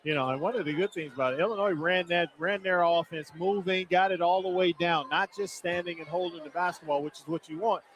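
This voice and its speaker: A man giving color commentary on a basketball game, chatty and a bit halting. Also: high-pitched, fairly even intonation, fairly bright tone, a little hiss or hum. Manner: chatty, halting, cheers on the team. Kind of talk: casual game analysis.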